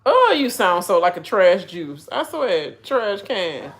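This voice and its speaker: A woman's voice: medium pitch, sing-song, slow pace. A young woman hosting a live reaction stream, chatting casually, ranting and laughing as she goes.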